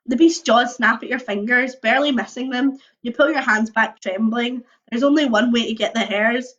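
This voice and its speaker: A young woman reading a choose-your-own-adventure book aloud on a livestream, mixing lively narration with casual chatty asides. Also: on the high side, normal speed. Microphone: computer or phone mic on a video stream. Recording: dull lo-fi livestream audio.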